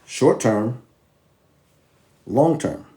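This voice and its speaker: A man's voice: medium pitch, lively intonation, extremely slow, mellow, breathy edge. A man teaching crypto trading in casual, emphatic, repetitive speech, using slang and selling his course. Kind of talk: casual teaching demo with music.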